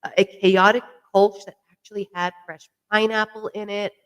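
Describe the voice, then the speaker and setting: A chatty podcast host rambles to the camera at an easy, conversational pitch. The voice is smooth and clear, full of fillers and self-corrections. Now and then they pause for a sip. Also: level tone, a bit bright, poor audio. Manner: sips a drink while talking. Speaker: podcast host reviewing beer. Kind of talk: casual chat to camera.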